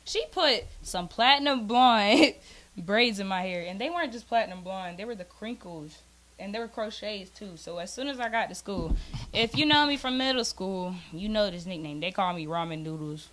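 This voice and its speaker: A young woman with a Southern US accent talks candidly in a relaxed conversation. She laughs often and speaks in an even, mid-range voice. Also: medium pitch, normal speed. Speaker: guest. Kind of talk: casual chat.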